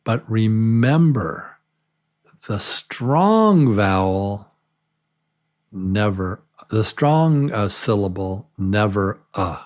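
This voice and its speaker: Slow, low-voiced man teaching pronunciation. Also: expressive. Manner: patient, repeats words many times for learners to copy. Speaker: English teacher. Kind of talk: slow beginner pronunciation lesson.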